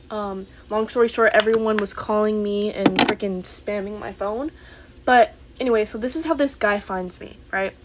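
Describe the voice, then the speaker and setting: A woman's voice: mid-range voice, a little hiss or hum. A woman in her twenties telling a get-ready-with-me storytime in a chatty, filler-heavy way. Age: 20s. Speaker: YouTuber.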